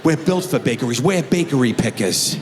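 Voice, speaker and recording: Animated man doing stand-up in a hall. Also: brisk, noisy background. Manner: animated, acts out his kids in high squeaky voices. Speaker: stand-up comedian. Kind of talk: stand-up comedy storytelling. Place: theater stage before a live audience. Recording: stage mic in a large reverberant hall.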